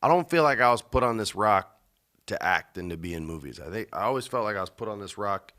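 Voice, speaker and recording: A man hosting a podcast in casual chat, an animated storyteller who acts out the people in his stories. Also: lowish voice, fast. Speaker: podcast host.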